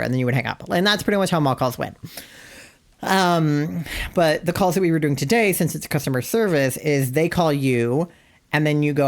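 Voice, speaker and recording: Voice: mid-range voice, brisk. Rambling streamer chatting away mid game, super casual, lots of likes and ums. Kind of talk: casual chat while playing a video game.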